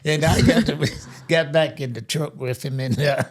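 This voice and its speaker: A man in his eighties, a grandfather, telling a family story in a lively way, laughing as he goes and acting out the quotes. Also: a little high, moderate pace. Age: 80s. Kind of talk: casual storytelling.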